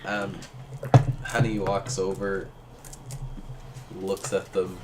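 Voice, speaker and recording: A man's voice: deep voice, flat delivery, takes it slowly, noisy background. A man running a tabletop game as game master, narrating with frequent hesitant ums.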